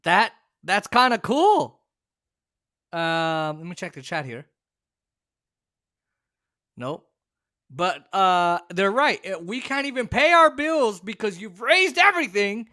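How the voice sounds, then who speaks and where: An American man co-hosting a political commentary show, rambling and animated, breaking into shouts. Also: high voice, takes it slowly, long pauses, dry recording, studio quality. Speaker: co-host.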